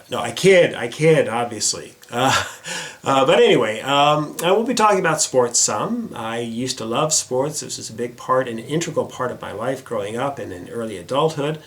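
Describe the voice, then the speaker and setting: A man's voice: medium pitch, fairly bright tone. Chatty middle-aged man hosting a vlog. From United States. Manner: chatty and self-deprecating, many "uh" fillers. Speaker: vlog host. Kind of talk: casual direct-to-camera vlog.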